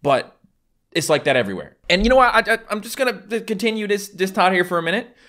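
A man's voice: high voice, big pitch swings, quick pace, sharp tone. A man in his twenties with a Newfoundland accent, chatting casually through fan questions on his channel, rambling and joking with local turns of phrase. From Newfoundland, Canada. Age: 20s. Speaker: YouTuber answering fan questions. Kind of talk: casual Q&A chat.

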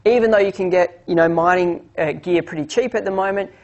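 A man's voice: sits high, brisk, lo-fi sound. A man with an Australian accent giving an economics presentation, asking rhetorical questions and speaking as if he runs a small mining company. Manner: lively, rhetorical questions, role-plays a company. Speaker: economics lecturer. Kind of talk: academic presentation.

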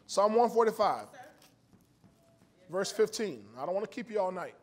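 A pastor preaching a sermon in church, folksy and lively, swinging from loud emphasis to low storytelling and laughing often. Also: male voice, normal speed. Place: church sanctuary.

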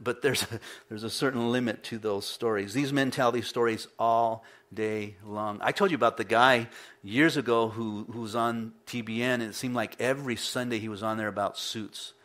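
A male pastor preaching a casual, storytelling sermon, mimicking the people he quotes with sudden loud bursts. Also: medium pitch.

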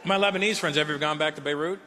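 A man's voice: a little high, very fast. A man doing a brash, profane stand-up set, working the crowd on a live stage with a handheld mic. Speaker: stand-up comedian. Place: comedy stage before a live audience. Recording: live show with loud crowd and noise.

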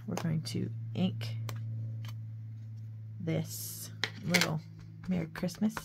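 Working through a craft tutorial, this host rambles along to herself, hums nonsense sounds, sings a bit, and drops folksy sayings. She speaks slowly in a lowish, fairly flat voice with vocal fry and long pauses, and the background is noisy.

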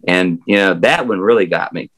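A man's voice: deep voice, moderate pace, a bit bright, low-quality recording. An older man with a Southern US accent, a former historic house guide, telling stories in a rambling, folksy way full of fillers and restarts. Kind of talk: casual storytelling interview. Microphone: remote video call.

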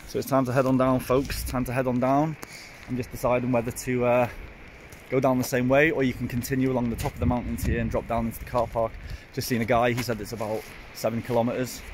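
A man's voice: medium pitch, level tone, fast, a little hiss or hum, poor audio. A man with a Welsh accent chatting casually to the camera of the phone he holds while out hiking on a hilltop, addressing his viewers as folks. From Wales. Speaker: hiking vlogger. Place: outdoors on a hilltop. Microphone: phone held while filming.

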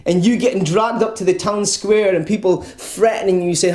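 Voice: mid-range voice, fairly even intonation, normal speed, hardly any pauses, a little mellow, echoey room. A preacher, giving an earnest sermon and repeating words when stressing a point. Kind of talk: evangelical sermon. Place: church.

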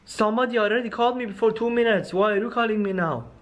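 A man with a high-sitting voice talks quickly over background noise while shooting a scripted horror skit for his viewers. Calling his audience "guys," the video creator comes across as nervous and spooked as he speaks to camera.

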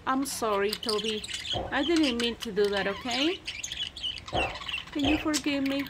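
A high-pitched woman coos at her budgies in slow, doting baby talk, taking her time over every word. Her voice sits over loud, constant budgie chirping and squawking in an outdoor aviary. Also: expressive, heavy background noise. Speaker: bird keeper talking to her pet budgies. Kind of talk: casual chat with pets. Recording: loud bird chatter over the voice.

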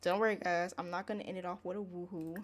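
A woman hosting a Let's Play, chatting excitably to viewers in casual gameplay commentary. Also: fairly low pitch, fast talker.

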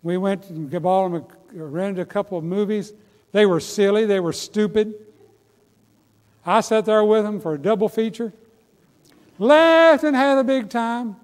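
Older preacher in a reverberant church. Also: male voice, sits high, fairly even intonation, moderate pace, darkish tone. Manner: folksy storytelling preacher, builds to emphatic exhortation. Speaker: pastor. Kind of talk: sermon. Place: church sanctuary. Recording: long hall reverb.

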